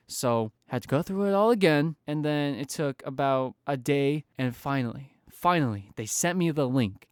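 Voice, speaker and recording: A young man telling a storytime vlog in an animated, exasperated ranting way. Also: fairly high pitch, smooth, no echo, clean studio sound. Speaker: storytime vlogger. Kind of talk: casual storytime rant.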